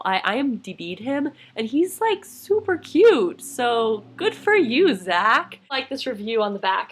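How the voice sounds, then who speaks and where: A young woman from Colorado chatting casually to camera in a home vlog, bubbly and gushing with quick asides. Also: mid-range voice. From Colorado, United States. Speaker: vlogger. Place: home bedroom.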